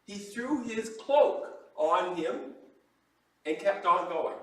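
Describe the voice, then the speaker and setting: A man preaching a sermon as pastor, telling the story with lively acted-out voices for the people in it. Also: sits high, takes it slowly, pauses often, very echoey, recorded from a distance, low-quality recording. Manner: animated storytelling, acting out quoted voices. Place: church sanctuary.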